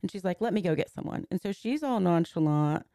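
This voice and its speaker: A woman's voice: lowish voice, lively intonation, brisk, dark tone, dry recording, clean studio sound. A woman in her forties, a podcast guest, earnestly recounting a personal story step by step and slipping into the words of the people in it. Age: 40s.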